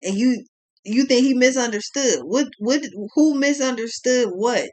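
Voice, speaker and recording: A woman's voice: fairly high pitch, unhurried, a little mellow. A young woman giving a blunt, profane tarot reading, exclaiming as she turns the cards. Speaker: tarot reader.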